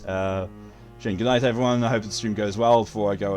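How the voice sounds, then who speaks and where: A man streams a video game and chats casually with his viewers, joking, swearing freely and laughing often. His voice is lowish and darkish in tone, with fairly even intonation at a normal pace, over soft background music.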